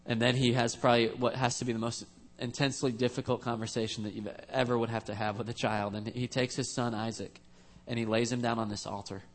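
A man's voice: medium pitch, little pitch movement, fast, hardly any pauses. A man preaching a sermon as a pastor, earnest and conversational, with frequent restarts.

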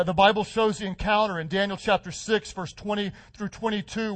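A middle-aged man preaches with a high voice that swells into fervent, rising declarations. The sound is dry and close, with no room echo. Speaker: pastor. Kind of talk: sermon.

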